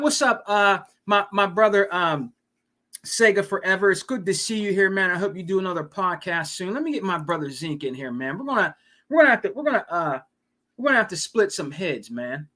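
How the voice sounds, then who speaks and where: A man's voice: high-pitched, normal speed, sharp tone. A man hosting a casual live stream, ranting and swearing, with lots of "you know what I mean.". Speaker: podcast host.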